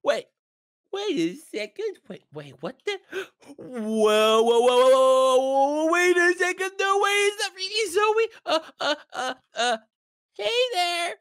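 A woman voicing a jumpy young male gamer who screams and stammers in panic and fanboys, in an animated game video. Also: sits high, slow, full character voice. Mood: flustered.

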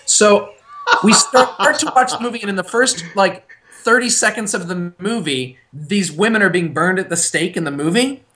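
A man's voice: high voice, normal speed, sharp tone. A young man co-hosting a podcast, telling stories animatedly with many restarts. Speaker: podcast co-host. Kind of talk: casual chat.

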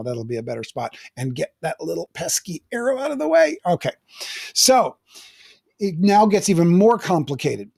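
A man's voice: on the high side, warm tone. An older man, a teaching pastor, explaining the Bible in a chatty, self-deprecating way with frequent restarts.

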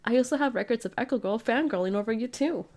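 Female let's-player, bright and high, chatty and giggly, reads game dialogue aloud. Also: quick pace. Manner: playful, giggly, reads character lines in her own voice. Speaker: gaming streamer. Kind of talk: casual let's-play commentary, reading game dialogue aloud.

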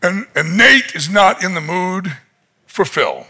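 A man preaching a conference sermon, retelling a story dramatically and acting out its voices, rising to shouts at its peaks. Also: sits high, animated, takes it slowly, creaky, husky. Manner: shouts in climactic moments. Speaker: pastor. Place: conference hall.

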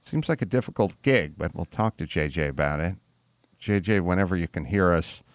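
A man's voice: sits low, expressive, brisk, dry recording. A man hosting a podcast, interviewing a guest in a laid-back, wry way. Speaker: podcast host. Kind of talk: casual interview.

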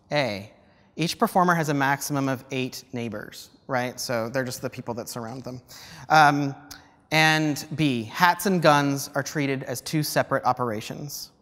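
A man gives an artist talk in a museum and walks through a play's rules. He speaks haltingly, in a somewhat high voice. The room adds a long, ringing echo. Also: a bit bright. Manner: hesitant, with many ums and restarts. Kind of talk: lecture and script reading. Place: museum lecture space. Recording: reverberant hall.

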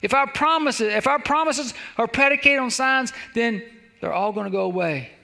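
A man's voice: very high-pitched, moderate pace, vocal fry, bright, forceful tone. A man pastor preaching a sermon, exhorting and repeating calls to the congregation. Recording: long hall reverb.

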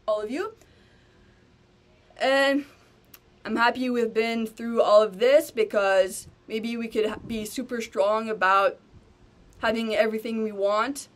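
Young woman talking to her camera, kinda high voice, rambles on and restarts a lot. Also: fairly bright tone. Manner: rambling, stream-of-consciousness talk with restarts. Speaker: vlogger. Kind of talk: unscripted monologue to camera.

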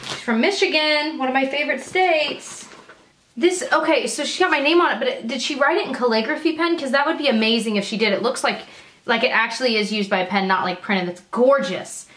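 A woman vlogging as she opens mail, gushing and excitable and laughing often; she works as a teacher. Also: sits high, fairly quick. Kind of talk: casual unboxing chat. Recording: echoey room, faint noise.

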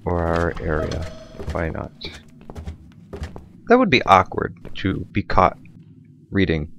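A man's voice: sits low, big pitch swings, takes it slowly, vocal fry, a bit bright, a little hiss or hum. A man giving offhand, mumbling commentary while playing a video game. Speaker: let's play gamer. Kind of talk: casual gameplay commentary.

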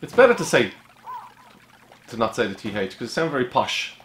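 An Irish man chatting through a video game, excitable and jokey, with quick asides. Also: mid-range voice, noisy background. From Ireland. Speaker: retro gaming YouTuber. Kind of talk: gameplay commentary. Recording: roomy room with game music. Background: game music.

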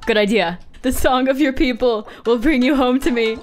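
A young woman gaming streamer giving dramatic, excitable commentary, often squealing and laughing, on a desk microphone. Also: high-pitched, normal speed. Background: faint game music.

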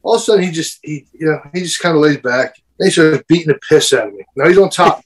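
Man, high voice, rambling, laughing, profane, casual podcast banter. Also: fast, breathy edge. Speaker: podcast co-host.

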